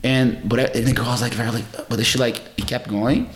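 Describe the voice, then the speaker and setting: A middle-aged jiu-jitsu champion, appearing as a guest in a casual interview, tells stories from his martial arts career, rambling with lots of fillers and restarts. His mid-range voice is steady and quick. The sound is reverberant with a little hiss or hum.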